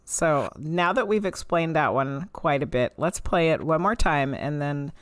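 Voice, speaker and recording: An American woman hosting a podcast, chatting casually and quickly agreeing with her guests. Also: low-pitched, expressive, dry recording. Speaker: podcast host. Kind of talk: casual chat.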